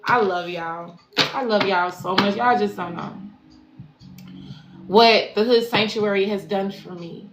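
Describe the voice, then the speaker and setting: This medium-pitched woman talks at a measured pace and leaves long pauses. She's a spiritual life coach wrapping up a live stream for her followers, using slang, affirmations, and profanity, and repeating phrases to drive points home. Faint background noise and echo fill the room.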